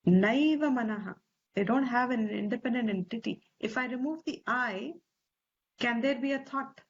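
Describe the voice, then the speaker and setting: A woman teacher with an Indian English accent, explaining scripture slowly and deliberately, stressing Sanskrit terms and posing rhetorical questions. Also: a little high, darkish tone, husky. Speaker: Vedanta teacher. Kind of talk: slow scriptural class explanation. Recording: slightly dull lo-fi recording.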